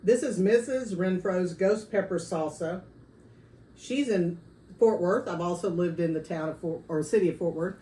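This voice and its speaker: A woman's voice: fairly low pitch, moderate pace, dark tone. Chatty woman vlogger in a roomy space. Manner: chatty, friendly, says y'all. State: mouth burning from hot salsa. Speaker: vlogger host. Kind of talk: casual food-tasting vlog. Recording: roomy echo, faint background noise.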